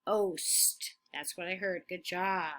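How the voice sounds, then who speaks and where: A woman teacher leading a phonics lesson for young children, slow and encouraging, saying words for the class to repeat. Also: fairly low pitch, steady tone, fairly bright tone.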